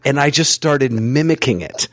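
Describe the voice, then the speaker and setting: A man's voice: medium pitch, normal speed, fairly bright tone, no echo, clean studio sound. A man hosting a podcast, chatting casually and telling jokey stories. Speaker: podcast host. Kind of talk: casual interview chat.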